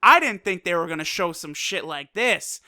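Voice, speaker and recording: A video reviewer excitedly recapping an anime episode, swearing freely and filling with "like" and "you know". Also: mid-range voice, normal speed, no room sound, studio quality. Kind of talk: casual recap and commentary.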